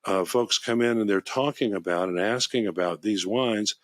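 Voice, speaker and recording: A man with a somewhat low voice chats casually on a podcast about wine. He rambles happily from one story to the next, clearly excited by the subject. The recording is close and dry, with no room sound. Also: normal speed, no echo. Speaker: wine shop podcast host. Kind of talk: casual chat.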